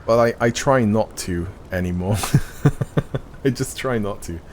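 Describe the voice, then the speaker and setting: A man's voice: on the low side, unhurried, a little mellow, slight background noise. A man streaming a game live, chatting casually in a rambling, self-correcting way into a streaming mic.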